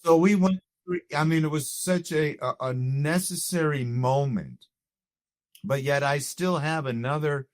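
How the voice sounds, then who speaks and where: A man's voice: on the high side, unhurried, no room sound, clean studio sound. A man sharing a heartfelt personal testimony as a guest in a conversation, telling it earnestly. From Canada. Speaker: guest sharing his story.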